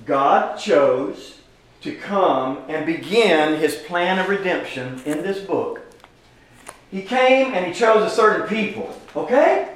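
A man's voice: high voice, animated, takes it slowly. A man teaching an informal Bible class, talking casually and putting questions to his listeners. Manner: conversational, asks the class questions. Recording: very echoey room from a distance.

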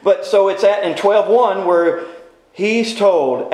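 A man with a noticeably high voice leads a Bible class in a folksy, informal way. He keeps tossing questions at his listeners and repeating them until someone answers. The recording rings with heavy room echo. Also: slow, a little mellow. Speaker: Bible study teacher. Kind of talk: interactive Bible class lecture. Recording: very echoey room.

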